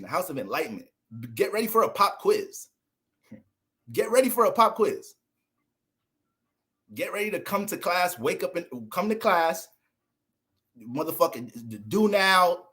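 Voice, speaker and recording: Animated, foul-mouthed male astrologer. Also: on the high side. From United States. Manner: profane, joking, animated. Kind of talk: casual livestream rant.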